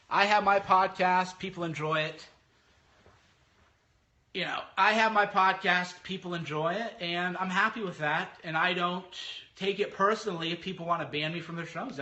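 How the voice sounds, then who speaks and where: Guy podcaster ranting casually, high bright voice, jumps into mocking impressions. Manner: animated, mocking impressions of others. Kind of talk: casual monologue.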